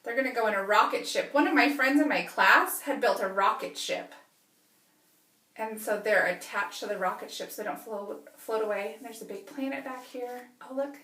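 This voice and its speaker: Animated woman teacher reading to kids. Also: a little high, normal speed, far from the mic. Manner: animated, questioning, talks to the children. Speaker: preschool teacher. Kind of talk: children's story read-aloud lesson. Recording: echoey room, away from mic.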